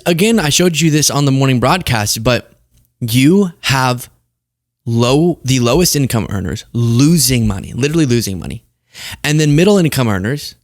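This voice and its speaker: Sarcastic man hosting political commentary. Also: medium pitch. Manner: sarcastic, conversational. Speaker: host.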